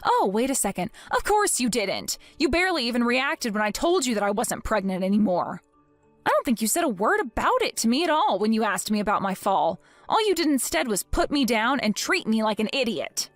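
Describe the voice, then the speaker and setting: A woman's voice: fairly high pitch, big pitch swings, fairly quick, no room sound, soft background music. A woman voicing a vengeful young wife in a dramatized story, cold and taunting with mock innocence. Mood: scheming.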